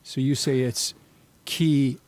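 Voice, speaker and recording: A man's voice: medium pitch, moderate pace, a little mellow. A man on a video call quizzing a group and explaining how a word is pronounced. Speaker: quiz-giving regular guest. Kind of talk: casual group chat.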